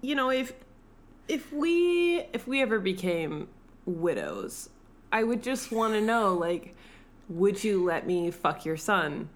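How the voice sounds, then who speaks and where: Lively, teasing woman podcast co-host. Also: mid-range voice, takes it slowly. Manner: teasing, crude, giggly. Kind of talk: casual podcast chat.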